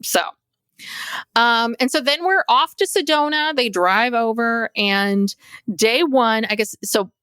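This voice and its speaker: A woman's voice: fairly high pitch, takes it slowly, fairly bright tone, smooth, no echo. Chatty woman podcast co-host recapping. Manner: chatty storytelling with fillers. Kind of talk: casual recap chat.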